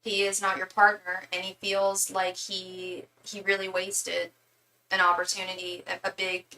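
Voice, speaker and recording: A woman's voice: mid-range voice, monotone, unhurried, sharp tone, echoey room, distant mic, slight background noise, low-quality recording. A young woman giving a live tarot reading in a chatty way, full of fillers, restarts and calls of "girl". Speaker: tarot reader.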